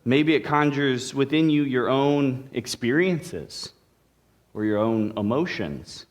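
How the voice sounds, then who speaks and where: A male pastor gives a sermon in a church sanctuary. His voice sits at a middle pitch. He talks in a relaxed, conversational way and drops joking asides to the congregation. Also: slow pace.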